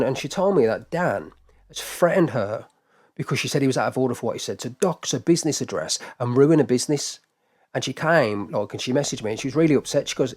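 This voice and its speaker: A man's voice: on the high side, animated, fast, a little mellow. A man hosting a live stream, ranting to his viewers with heated, repetitive talk and frequent swearing. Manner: heated, swearing, repetitive, talks straight to chat. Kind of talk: casual live-stream rant.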